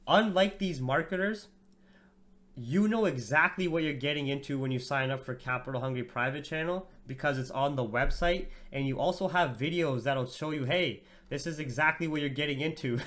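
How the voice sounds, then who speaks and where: A man's voice: fairly high pitch, fairly bright tone. A tired man hosting a live market-analysis stream, chatting casually and profanely with his viewers. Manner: profane, slangy, chats with viewers as "bro". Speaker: trading livestream host. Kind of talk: casual livestream market commentary.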